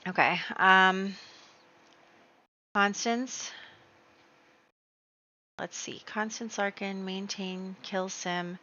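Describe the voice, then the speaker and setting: Slow, bright-voiced woman gaming host. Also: medium pitch, lo-fi sound, slight background noise. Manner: excitable, exclaims often, talks to viewers. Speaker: let's play host. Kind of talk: casual gameplay commentary.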